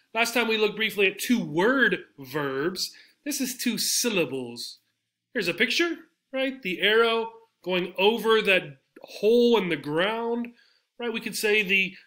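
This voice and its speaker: A man's voice: sits high, sharp tone. A man teaching an English pronunciation lesson, speaking patiently and repeating each model word several times. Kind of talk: slide-based pronunciation lesson.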